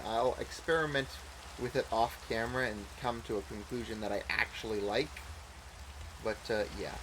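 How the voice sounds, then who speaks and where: A man's voice: medium pitch, noisy background. A man giving casual, rambling gameplay commentary as a let's play host, thinking aloud as he goes.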